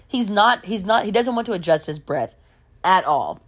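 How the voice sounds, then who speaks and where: Animated woman telling a gossipy story. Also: mid-range voice, normal speed. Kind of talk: casual storytime.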